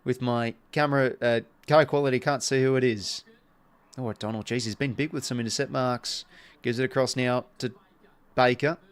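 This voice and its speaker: An Australian man commentating a footy match live on his stream, mid-pitched and chatty. He calls the play in quick bursts and turns to talk with his viewers between the action. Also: fairly even intonation, clean tone. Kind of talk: casual live watch-along commentary.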